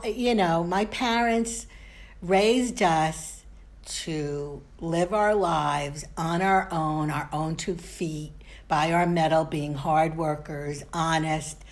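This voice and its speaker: A woman's voice: sits low, fairly even intonation, takes it slowly. A woman with a New York accent co-hosting a podcast in casual, chatty, self-mocking talk. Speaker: podcast co-host. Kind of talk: casual chat.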